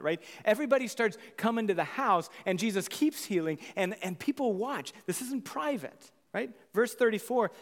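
Pastor, male, fairly high voice, dynamic delivery from emphatic to hushed, hall reverb. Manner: animated, swings from loud exclamations to hushed near-whispers. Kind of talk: sermon.

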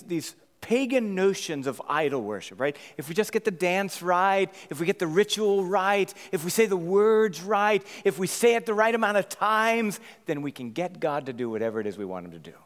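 A man's voice: high-pitched, normal speed, in a large hall. A man preaching a sermon, telling a story casually and adding "right?" to his points. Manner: conversational, animated storytelling with rhetorical "right?". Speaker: pastor. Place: church sanctuary.

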